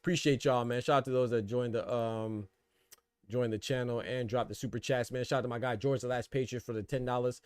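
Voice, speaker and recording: A man hosting a boxing podcast live stream, casual and slangy, trash-talking his chat and laughing loudly. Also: mid-range voice, steady tone, brisk, smooth, no echo, clean studio sound.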